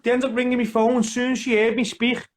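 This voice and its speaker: A man's voice: very high-pitched, level tone, fast. A man with a Scouse accent, a guest in a casual interview chat, telling his story in a plain-spoken way and often repeating himself.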